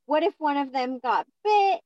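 A young woman telling a story in a casual chat, halting and full of fillers. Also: high-pitched, lively intonation, a little mellow, no room sound, dull audio.

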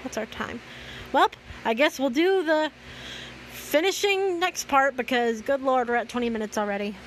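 A woman's voice: sits high, moderate pace, slight background noise, rough recording. Young woman reading with sarcastic asides. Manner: sarcastic asides, stumbling and self-correcting. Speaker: host reading fan fiction. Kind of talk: reading fan fiction aloud with commentary.

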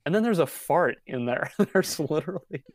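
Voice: medium pitch, lively intonation, moderate pace, darkish tone. A podcast co-host in casual chat, hesitant with many fillers and often breaking into laughter. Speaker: podcast co-host reviewing an album.

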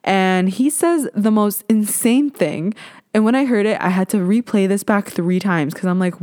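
A young adult woman hosting a casual solo podcast, talking in an animated, ranting way and swearing freely. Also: mid-range voice, normal speed, no echo, studio quality. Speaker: podcast host.

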